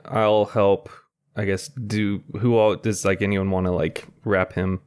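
A man playing a tabletop game, describing his character's actions in a halting way with many fillers. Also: on the low side, level tone, a little mellow, smooth. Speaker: player.

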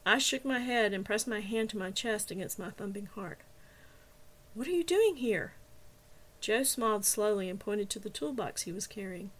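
A woman's voice: medium pitch, a little fast, few pauses, fairly bright tone. Woman reading her novel aloud. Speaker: author and reader. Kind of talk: first-person novel narration.

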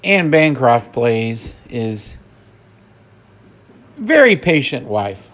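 A man hosting a podcast, recapping a film in an easygoing way, chuckling and filling pauses as he goes. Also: mid-range voice, very animated, fairly bright tone. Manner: slow and chuckling, with fillers. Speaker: podcast host.

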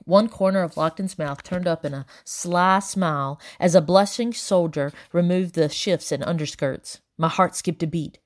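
Woman audiobook narrator, steady, measured, lowish. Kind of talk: first-person audiobook narration.

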